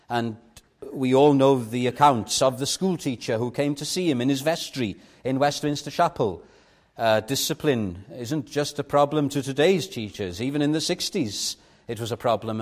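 A young man preaching a sermon earnestly, stressing key words, then dropping low. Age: young adult. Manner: earnest, emphatic, swinging between loud stresses and soft drops.

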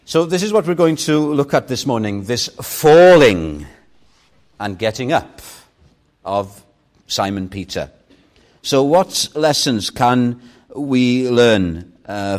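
Slow, animated Welsh-speaking preacher. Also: male voice, mid-range voice. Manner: slow, expressive storytelling with emphatic stresses. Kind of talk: sermon.

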